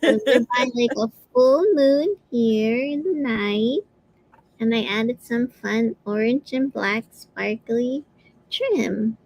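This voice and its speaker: Woman crafter, slow and giggly, a bit high-pitched. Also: darkish tone, dry recording, low-quality recording. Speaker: crafter selling her items. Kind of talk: casual live sale chat.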